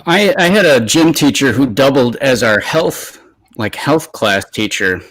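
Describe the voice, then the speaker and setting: A man's voice: medium pitch, lively intonation, unhurried, a bit bright, low-quality recording. A man in a casual chat, telling a story in a hesitant, amused way.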